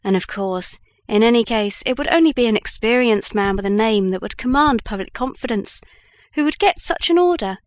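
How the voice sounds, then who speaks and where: A woman voicing a kindly old male news editor in an audiobook, read in a measured way. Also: a little high, animated, dry recording, close to an everyday voice.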